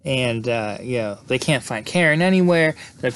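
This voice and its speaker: A man's voice: medium pitch, moderate pace, few pauses, a bit bright, clean tone. A man casually recapping a horror movie's plot, rambling with lots of fillers and acting out the characters' lines. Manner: rambling, many fillers, acts out quotes. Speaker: movie reviewer.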